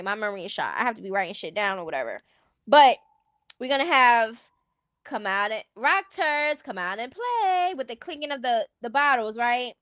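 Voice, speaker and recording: Brief: high-pitched woman streamer, sassy and blunt, dry close sound. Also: fairly bright tone, dry recording. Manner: blunt, sassy, laughs often. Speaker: stream host. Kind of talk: casual commentary chat.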